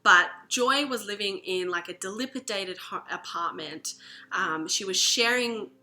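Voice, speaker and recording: A woman coach telling a story in an animated, chatty way, full of fillers. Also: medium pitch, measured pace. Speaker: spiritual coach. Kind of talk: storytelling lesson.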